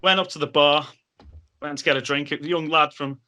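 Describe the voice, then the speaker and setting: Speaking at a normal speed with a steady tone, a man from Liverpool spins relaxed anecdotes as a podcast guest. He has a very bright voice, a little high for a man, and he brings his stories to life by acting out what others said.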